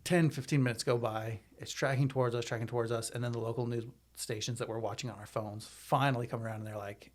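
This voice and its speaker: A man's voice: medium pitch, fast, hardly any pauses. Chatty man telling a story. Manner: animated, chatty, lots of "like". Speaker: podcast guest. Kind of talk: casual storytelling.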